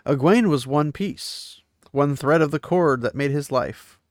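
Here a male recap host for a book series paraphrases a chapter in a relaxed way, mixing bits of reading with throwaway comments. He speaks on the higher side, slightly mellow, at a measured pace. There's no echo, just a clean studio recording.

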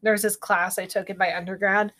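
A woman's voice: mid-range voice, level tone, brisk, bright, forceful tone. A young woman co-hosting a podcast, chatting casually, easygoing and reassuring, laughing a lot. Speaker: podcast co-host. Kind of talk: casual chat.

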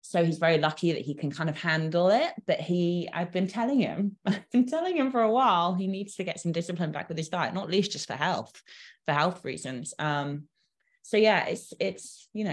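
A British woman co-hosting a podcast, chatting casually with blunt teasing humor and frequent laughter. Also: lowish voice. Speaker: podcast co-host.

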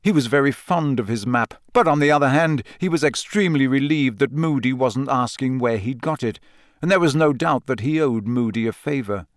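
A medium-pitched man, an audiobook reader, delivers scripted narration of a novel with calm, even storytelling. The studio-quality recording has no room sound at all.

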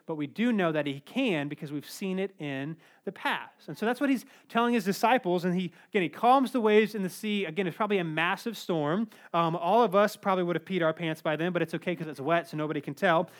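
A male pastor preaching a sermon in a conversational, animated way, with asides. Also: high voice, brisk, few pauses.

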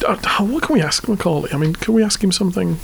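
A man's voice: sits high, animated, racing, gravelly, heavy background noise. A man with an English accent, co-hosting a casual podcast chat with dry, teasing banter. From England. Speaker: podcast co-host.

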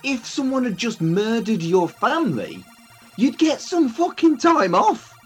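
A man co-hosting a podcast in casual chat, making slow, sweary, deadpan objections. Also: very high-pitched, faint music behind. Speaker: podcast co-host.

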